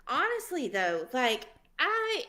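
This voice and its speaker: A woman's voice: high voice, wildly swooping pitch, slow pace, crowd noise. A woman co-hosting a casual podcast chat, emotional and fired up as she talks. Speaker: podcast co-host.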